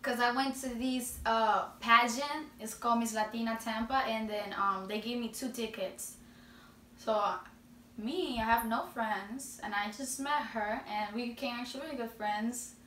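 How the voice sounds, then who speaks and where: An eighteen-year-old woman with a Spanish accent, chatting slowly and giggling through a casual Q&A. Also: fairly high pitch, steady tone, pushed and bright. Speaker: vlogger answering questions. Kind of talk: casual Q&A chat. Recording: roomy echo, distant mic, faint noise.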